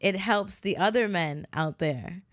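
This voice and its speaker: A woman co-hosting a podcast, trading quick, joking banter in casual chat. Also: fairly low pitch, dry recording, studio quality. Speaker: podcast co-host.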